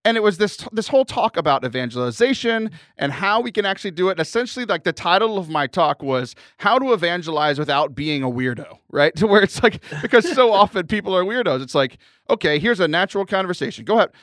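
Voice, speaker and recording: A man's voice: high-pitched, very animated, fast talker, few pauses, a bit bright, dry recording, clean studio sound. A man hosting a faith podcast in casual chat, teasing his guest and laughing often. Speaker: podcast host.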